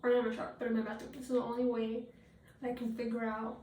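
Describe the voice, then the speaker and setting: Talking very fast in a high, dark voice with little pitch movement, a teenage vlogger does a get-ready-with-me chat in her home bathroom. She rambles, uses plenty of fillers, and repeats what others said. The tablet mic, propped a little far away, captures echo and a bit of hiss or hum.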